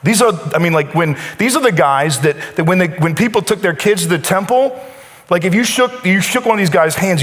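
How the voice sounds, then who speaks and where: A man preaching in a church, his fairly high voice trailing off a long reverb through the hall. He tells the story with dramatic pauses and slips into the voices of the people he quotes. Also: fairly bright tone. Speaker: pastor. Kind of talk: sermon. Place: church sanctuary.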